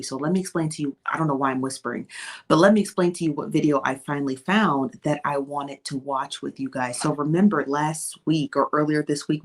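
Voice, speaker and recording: A woman with a notably low-pitched voice hosts a casual live stream. She chats loosely and greets her viewers one by one by name. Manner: chatty, greets viewers by name, drops into whispers. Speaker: livestream host.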